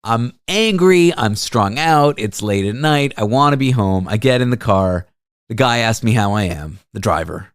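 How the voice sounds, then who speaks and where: Animated male host telling a story. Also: fairly low pitch, normal speed, clear, resonant tone, no room sound, clean studio sound. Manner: animated, self-deprecating anecdote telling. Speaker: radio show host. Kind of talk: casual storytelling chat.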